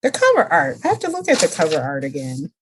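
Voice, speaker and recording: A woman's voice: low voice, huge pitch swings, slight background noise. A woman co-hosting a casual book-chat podcast, chatty and emphatic in her opinions. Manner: emphatic, drawn-out complaints, chatty. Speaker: podcast co-host.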